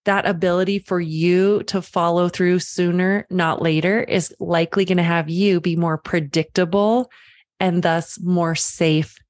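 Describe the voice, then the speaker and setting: A woman's voice: on the low side, fairly even intonation, measured pace, no room sound, studio quality. Reassuring woman parenting coach. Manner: warm reassuring, addresses listener as friend. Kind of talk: direct-to-camera advice talk.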